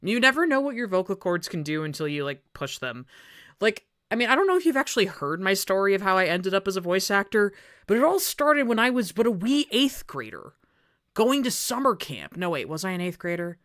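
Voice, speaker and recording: A woman's voice: mid-range voice, very animated, brisk, a bit bright. Woman streamer rambling on while she draws, voice swoops all over the place. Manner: chatty, rambling storyteller. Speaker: streamer and voice actor. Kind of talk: casual chat while drawing on stream.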